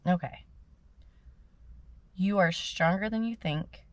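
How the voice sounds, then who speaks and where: A woman and mother talking to the camera in a casual personal video diary, soft-spoken and rambling. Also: lowish voice, slow, no echo, highs cut off. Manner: rambling, soft-spoken, fighting tears at times. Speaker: vlogger and mother.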